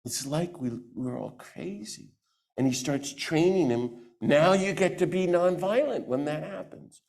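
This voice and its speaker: A man giving a lively talk to a church audience into a microphone, acting out the voices he quotes. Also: a little high, measured pace, vocal fry. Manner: animated, acts out quoted voices. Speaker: guest speaker.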